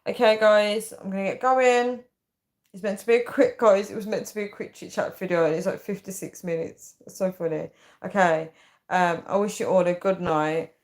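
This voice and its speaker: Hosting a relaxed live stream, a woman in her thirties reads viewers' comments, sounding tired yet chatty and frequently dissolving into laughter. Her mid-range voice keeps a fairly even intonation at a moderate pace.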